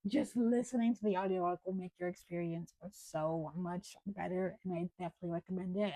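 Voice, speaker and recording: A woman's voice: medium pitch, dry recording, poor audio. A young woman with an American accent chatting casually about books to camera, rambling with fillers and a voice that is wearing out. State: losing her voice. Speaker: book vlogger.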